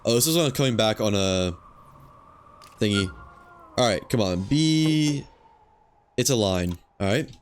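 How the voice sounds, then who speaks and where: A man's voice: fairly low pitch, a little slow, pauses often, slight background noise. A man streaming a video game, casually talking himself through what he is doing on screen, muttering and thinking aloud. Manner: relaxed, muttering to himself while playing. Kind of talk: casual gameplay commentary.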